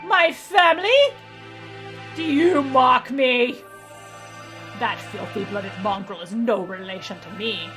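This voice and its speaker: A woman's voice: medium pitch, fairly even intonation, normal speed, few pauses, music in the background, voice pushed down, close to an everyday voice. A woman voicing a haughty, scornful young aristocratic male bird in a game, speaking in a cold and contemptuous way. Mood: indignant.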